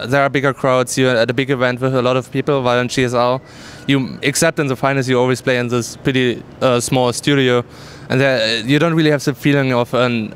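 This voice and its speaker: Give me a young German-accented man chatting candidly in an event interview, faint noise behind. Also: mid-range voice. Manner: candid, laughs easily, hesitant fillers. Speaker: pro gamer guest. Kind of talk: casual interview answers. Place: busy gaming event venue.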